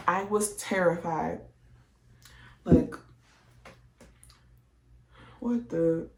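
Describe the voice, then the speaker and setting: A woman telling a personal story in a chatty, slangy way, acting out her own reactions. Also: lowish voice. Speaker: vlogger telling a birth story. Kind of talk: casual storytelling. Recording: echoey room, distant from mic.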